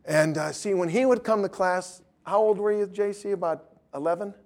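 Man in his fifties, high voice, lively storytelling teacher, emphatic questions. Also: moderate pace. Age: 50s. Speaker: evangelism teacher. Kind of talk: classroom teaching talk.

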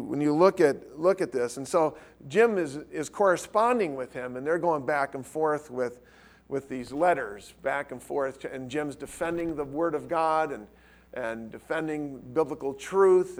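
A middle-aged man preaching to a live audience, telling a personal story and acting out the conversation with lively, quick quoted lines. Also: mid-range voice. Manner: animated, acts out quoted dialogue. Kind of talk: storytelling sermon.

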